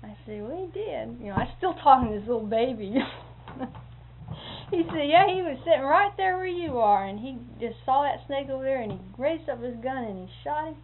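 A woman telling a long anecdote in casual conversation, acting out what others said with sound effects like "boom" and breaking into laughter. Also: a little fast. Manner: animated, acts out quoted speech with sound effects and laughter. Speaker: storyteller. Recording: tinny lo-fi recording with faint hiss.

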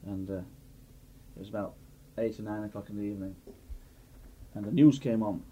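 A man's voice: fairly low pitch, normal speed, warm tone, husky, rough recording. A man telling a joke at an informal house music session, rambling and restarting as he goes. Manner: rambling, restarts his story. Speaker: joke teller.

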